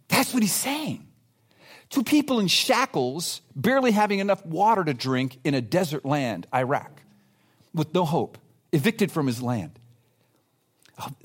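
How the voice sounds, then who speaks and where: A man delivering a sermon, his voice sitting high for a man and moving a great deal in pitch. He preaches with emphasis and breaks into playful asides to the congregation. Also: husky. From grew up in a city. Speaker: pastor.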